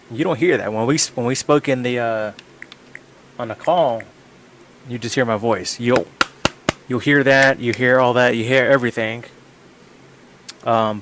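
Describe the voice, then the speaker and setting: A man's voice: mid-range voice, fairly bright tone. Rambling male streamer at home. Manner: rambling, repeats phrases over and over. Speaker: live streamer. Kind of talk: casual live-stream chat. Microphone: desk microphone.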